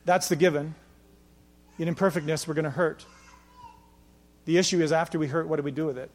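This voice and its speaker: High-voiced man preaching emphatically. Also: steady tone, a little fast. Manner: emphatic, rising to near-shouting at peaks; repeats "can I tell you" rhetorically. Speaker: pastor. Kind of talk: sermon.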